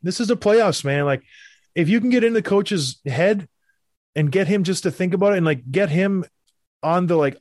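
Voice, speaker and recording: A former player hosting a sports talk show, firing off opinions in quick, animated bursts. His voice sits a little high. The sound is dry and close, with no room around it. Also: no room sound. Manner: animated, opinionated, fast rants. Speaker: podcast host, former hockey player. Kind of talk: casual sports chat.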